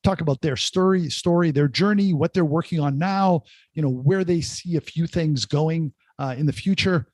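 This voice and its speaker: A middle-aged man, an entrepreneur guest, telling his story in a casual podcast interview with animated, joking asides. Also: a little high, moderate pace, no echo. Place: remote call.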